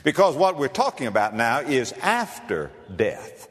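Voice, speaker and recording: A man's voice: mid-range voice, huge pitch swings, measured pace. Dramatic preacher man in a reverberant hall. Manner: dramatic, swinging between ringing emphasis and hushed tones. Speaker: pastor. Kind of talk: sermon.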